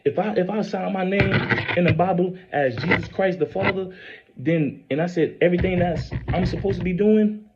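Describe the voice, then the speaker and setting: A man posting his own religious content delivers a rambling, preachy monologue, repeating himself, swearing, and haltingly stumbling through scripture readings. His voice is high and creaky, and the dull lo-fi recording is very noisy.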